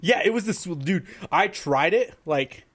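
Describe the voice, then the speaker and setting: A man's voice: high-pitched, expressive, a little slow, crowd noise. Laughing man telling a party story. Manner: rambling, laughs through stories. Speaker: podcast host. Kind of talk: casual chat, storytelling.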